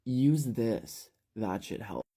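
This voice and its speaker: A man voicing a manipulative teenage boy who talks in a soft, coaxing, falsely caring way, in a storytelling recap. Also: lowish voice, very animated, takes it slowly, slightly rough, full character voice.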